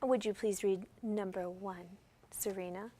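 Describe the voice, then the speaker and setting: A woman's voice: mid-range voice, fairly even intonation, measured pace, mellow, a little hiss or hum. A woman teacher giving classroom instruction, guiding students step by step with patient questions. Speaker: special education teacher.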